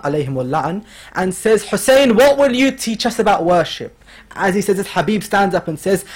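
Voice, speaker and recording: High-voiced man preaching a mourning sermon. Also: slightly rough. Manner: storytelling, quoting figures with rising emotional intensity. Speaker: religious speaker. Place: lecture hall.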